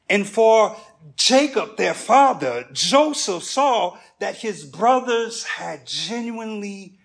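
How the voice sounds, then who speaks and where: A male pastor delivering a sermon in an animated storytelling manner, with humorous asides. His voice is high for a man and has a gravelly texture. He speaks slowly and deliberately.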